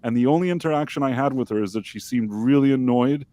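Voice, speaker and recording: A man's voice: mid-range voice, fast talker, mellow, no room sound. A man co-hosting a live stream, telling a story casually in a rambling, self-deprecating way with many fillers and restarts. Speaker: livestream co-host.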